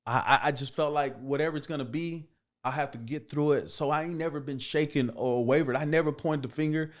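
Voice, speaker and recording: A middle-aged man, a podcast guest, telling his life story with animated energy that builds to loud excited bursts. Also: a little high, fairly quick.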